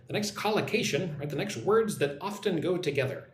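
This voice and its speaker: A man teaching English on a live stream, slowly modeling pronunciation and reading viewer comments aloud. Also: fairly high pitch, expressive, roomy sound, a little hiss or hum.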